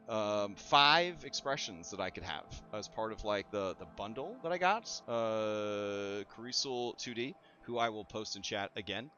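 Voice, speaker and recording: A man's voice: on the low side, a bit bright. A young man streaming casually, telling a story with lots of laughter and swearing. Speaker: VTuber streamer. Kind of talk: casual live-stream chat. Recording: slightly dull stream audio with music.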